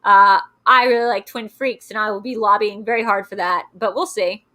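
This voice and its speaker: A woman's voice: mid-range voice, fairly even intonation, moderate pace, sharp tone. A woman from the US East Coast hosting a casual live-stream chat, rambling and self-deprecating as she reads the chat aloud. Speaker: host.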